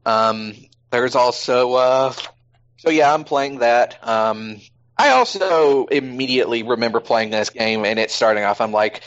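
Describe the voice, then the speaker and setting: A man's voice: mid-range voice, unhurried, a bit bright. Podcast host guy rambling along, lots of uhs and likes, kinda dull muffled recording. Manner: rambling, filler-heavy. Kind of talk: casual chat.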